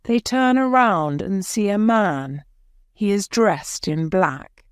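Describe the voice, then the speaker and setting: Slow, careful woman reading an audiobook. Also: on the low side, dry recording, studio quality. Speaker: audiobook narrator. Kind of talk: scripted narration of a graded reader.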